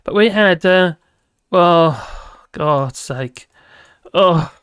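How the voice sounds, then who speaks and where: A man's voice: sits high, extremely slow, a bit bright, clear, resonant tone, dry recording, clean studio sound. A man hosting a live stream, chatting casually with viewers and rambling between topics while laughing often.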